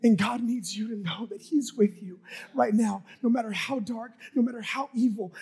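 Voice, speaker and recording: Husky fervent preacher swinging whisper to shout. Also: male voice, very high-pitched, normal speed. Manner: repetitive, rhythmic preaching. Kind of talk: sermon with closing prayer.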